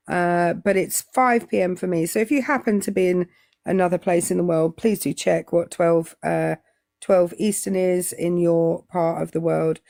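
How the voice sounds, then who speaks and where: A woman with a Southern English accent hosts a casual live stream, drifting along with lots of ums and uhs. Her voice sits a little low and has a gravelly edge. The sound is dry and close. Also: no echo. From England. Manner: relaxed, rambling, many ums and uhs. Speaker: co-host.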